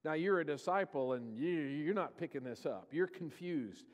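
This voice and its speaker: A man's voice: on the high side, lively intonation, normal speed, few pauses. A man preaching a sermon, telling scripture stories and acting out the voices of the people in them. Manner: storytelling, acting out quoted voices. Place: church sanctuary. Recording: church hall reverb.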